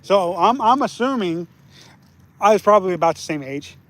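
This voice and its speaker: A man, hosting a casual live fishing stream outdoors. He laughs often and gets loud and excited whenever a fish bites. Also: sits high, normal speed. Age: 40s. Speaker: fishing channel host. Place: outdoors by the water.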